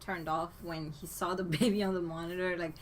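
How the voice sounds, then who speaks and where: A woman's voice: on the low side, steady tone, a little fast, slight background noise, low-quality recording. A woman co-hosting a podcast, casually recapping a movie, laughing often and steering the story along. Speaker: podcast co-host.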